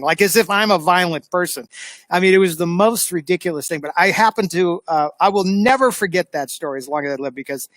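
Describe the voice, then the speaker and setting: American male host, high-pitched, dry close sound, lively casual storyteller. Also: brisk, dry recording. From United States. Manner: animated storyteller, lively re-enactment. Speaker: show host. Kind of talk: casual anecdote telling.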